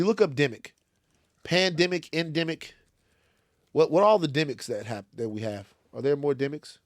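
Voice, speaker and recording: A man from Louisiana tells a story on a studio podcast. His voice is a bit high and swings widely in pitch as he acts out other people's voices and swears freely. The recording is dry and close. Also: no echo. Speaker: podcast co-host. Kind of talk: casual studio chat.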